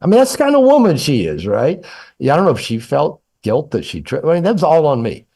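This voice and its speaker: Older male author guest, lively candid storyteller, self-mocking, acts out both sides of a conversation. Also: a little high, quick pace, gravelly, slightly rough. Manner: animated, self-deprecating, acts out dialogue with humor. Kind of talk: candid storytelling in a podcast interview.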